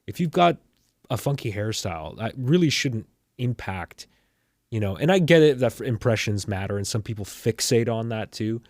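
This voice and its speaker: A man's voice: fairly low pitch, expressive, moderate pace, a little mellow, no echo, studio quality. A man from Canada with a Canadian accent, a podcast producer in casual chat. He speaks earnestly and emphatically, often repeating his point.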